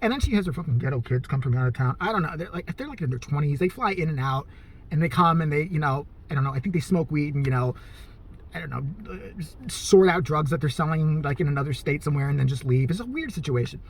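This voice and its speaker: A man's voice: fairly high pitch, fast talker, slight background noise. A man telling a profane, comedic rant about his day in a casual vlog. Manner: animated, profane, storytelling. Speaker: vlogger.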